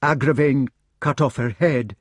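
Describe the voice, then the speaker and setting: A man's voice: mid-range voice, a little slow, no echo, clean studio sound, voice pushed up, natural voice. A man doing a stunned young knight in grief. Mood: dazed grief. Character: young grieving male knight, stunned and numb.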